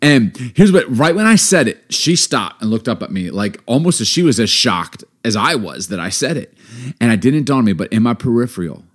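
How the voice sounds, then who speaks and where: A middle-aged man co-hosting a podcast, telling a story in casual chat, animated and emphatic, laughing often. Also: medium pitch, a little fast. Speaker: podcast co-host.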